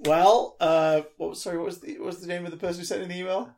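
A man co-hosting a casual podcast, wry, with theatrical announcements and deadpan asides. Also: high voice, racing, slight background noise. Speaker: podcast co-host. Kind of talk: casual chat.

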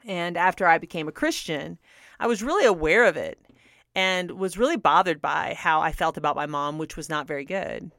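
A woman's voice: lowish voice, expressive, moderate pace, vocal fry, fairly bright tone, no room sound, clean studio sound. A middle-aged woman radio host telling a personal story in a candid, earnest way, laughing now and then. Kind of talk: personal testimony talk.

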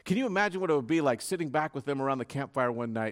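A man preaching a sermon with fervor, dropping to a hush and then rising to loud, dramatic peaks. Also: medium pitch, lively intonation, racing. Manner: dramatic preaching, swinging from hushed to loud, fervent.

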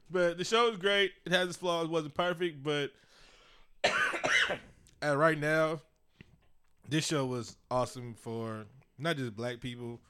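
A man co-hosting a podcast in casual chat, animated and laughing, swearing freely. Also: a little high, normal speed, smooth. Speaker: podcast co-host.

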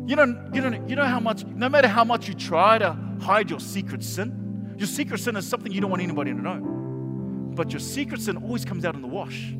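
A man preaching a sermon as pastor, animated and joking, with sudden shouts and quiet drops. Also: high voice, fairly quick, big-room sound, over loud music. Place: church hall.

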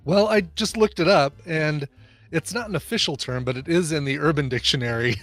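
Guy cohosting a silly podcast, kinda high voice, jokey and goofy. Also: fairly quick, a bit bright, no room sound, soft background music. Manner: playful, laughs a lot, riffs and hums tunes. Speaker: podcast co-host. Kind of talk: casual comedic chat.

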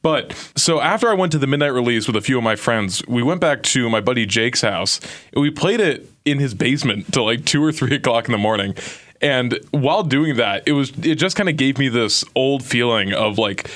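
A man's voice: medium pitch, expressive, a little fast, a bit bright. A young man rambling with enthusiasm in a casual podcast chat. His speech is loose and full of fillers, and he sounds eager to share. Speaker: podcast co-host.

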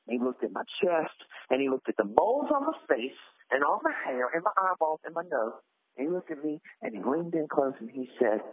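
A woman's voice: a bass voice, husky, exaggerated voice. A woman playing a brash, crude small-town woman ranting and complaining into a voicemail. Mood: bragging. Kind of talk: comic voicemail sketch. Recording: tinny phone-line voicemail.

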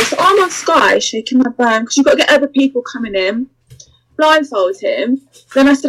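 Guest spot: high-pitched woman, lively and candid, acts out every voice in her anecdotes. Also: brisk, low-quality recording. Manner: animated, acts out quoted voices, laughs through the story. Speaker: interview guest. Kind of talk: candid storytelling in a podcast interview.

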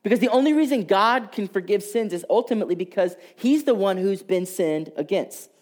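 A man's voice: high-pitched, lively intonation, a little fast. Man preaching a sermon. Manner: storytelling with shifts between loud and hushed delivery. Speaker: pastor.

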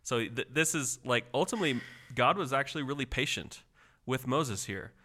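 Man, bright voice, casual Bible talk, thoughtful, hesitant. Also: mid-range voice, moderate pace. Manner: thoughtful, explains language details with hesitations. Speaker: podcast co-host.

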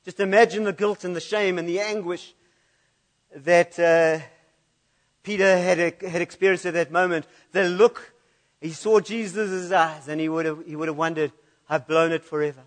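A man's voice: high voice, fairly even intonation, moderate pace. A man preaching a sermon in a church, reading scripture aloud and laughing at his own slip-ups.

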